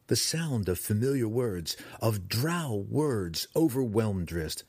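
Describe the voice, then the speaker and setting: A man narrating a fantasy audiobook in a dramatic, expressive reading style, close to the mic. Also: fairly low pitch, slow, few pauses, husky, no room sound.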